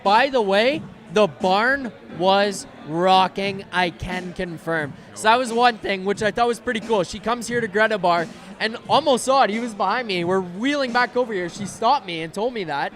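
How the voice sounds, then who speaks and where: A man's voice: high voice, brisk, fairly bright tone. A man hosting a live hockey post-game show from a bar, talking casually with fillers and restarts. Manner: casual, chatty, filler-heavy. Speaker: host.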